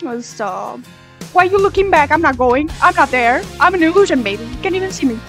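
A young woman hosting a music video reaction, excitable and swearing freely, singing along and shrieking in delight. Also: high-pitched, brisk. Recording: faint music playing behind her voice.

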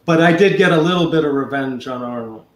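A man in his fifties, a podcast guest, telling stories in an animated way and acting out quotes. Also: a little high, fast talker, reverberant. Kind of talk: anecdotal storytelling.

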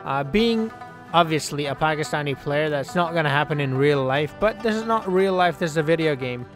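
A man giving casual, joking commentary over his own video game play, yelling at the players on screen. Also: fairly high pitch, fairly quick, over music. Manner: excitable, jokey, scolds the game's players aloud. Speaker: gaming channel host.

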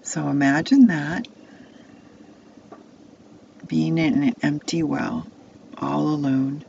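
Woman slowly telling a children's Bible story. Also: deep voice, fairly even intonation, creaky, dark tone, muffled recording, slight background noise. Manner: second-person immersive storytelling.

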